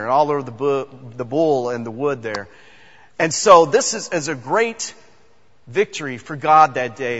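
Male preacher, relaxed Bible storytelling, slightly high voice, reverberant hall, muffled recording. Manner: conversational, repeats words, uses fillers. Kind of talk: casual Bible storytelling sermon. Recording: dull sound with long hall reverb.

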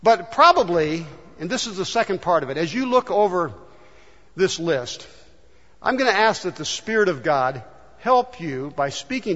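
A high-pitched man preaches a sermon in an earnest, storytelling manner, putting on voices for the people in his stories. His voice carries a long reverb from the hall, and the recording sounds dull. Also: sing-song, normal speed, pushed and bright. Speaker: pastor. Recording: dull echoey church hall.

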